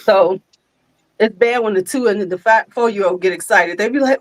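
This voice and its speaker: An older woman, hosting a casual chat and telling lively stories, laughing often and acting out quotes. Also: medium pitch, normal speed, no echo. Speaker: host.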